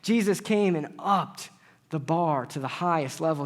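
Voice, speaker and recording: A man preaching a sermon in an animated way, acting out conversations with God as he speaks. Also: fairly high pitch, unhurried. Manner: animated, acts out dialogues with God.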